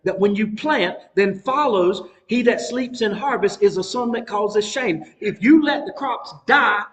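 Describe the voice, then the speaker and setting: A man's voice: high voice, a little slow, a bit bright, in a large hall. A middle-aged man, teaching a Bible study in a folksy, conversational preaching style. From North Carolina. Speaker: pastor.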